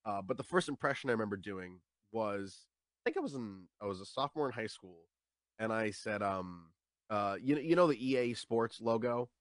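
A man's voice: fairly low pitch, animated, moderate pace, no echo, studio quality. A young man, a stand-up comedian, chatting casually in an interview and often repeating words as he starts his sentences.

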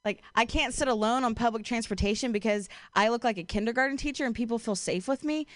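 A young woman from Ohio doing a stand-up comedy set, casual and profane, with a deadpan delivery broken by her own laughs. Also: fairly high pitch, quick pace, no echo.

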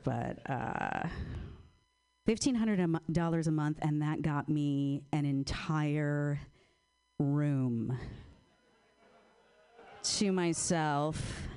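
A woman performs stand-up in a dry, sarcastic way, stretching her words out slowly. Her voice sits on the low side for a woman, and she works a handheld mic on a club stage. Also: darkish tone, smooth. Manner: dry, sarcastic, drawn-out delivery. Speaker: stand-up comedian. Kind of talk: stand-up comedy set.

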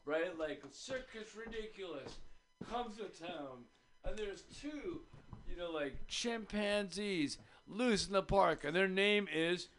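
A man's voice: sits high, lively intonation, slow, fairly bright tone, slight background noise. A man casually telling a long, rambling story on a radio show, swearing freely and slipping into voices for the people in his story. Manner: rambling, profane, acts out voices in his stories.

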